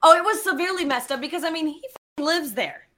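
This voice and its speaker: Brief: woman guest, high bright voice, animated storyteller, salty language. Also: fast talker. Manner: animated, swearing, acts out quotes. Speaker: guest geologist. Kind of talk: casual storytelling.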